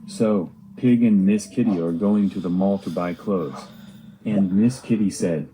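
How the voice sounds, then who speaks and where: A man's voice: low-pitched, measured pace, mellow, faint music behind, rough recording. A man narrating a homemade cartoon video diary with simple, earnest storytelling.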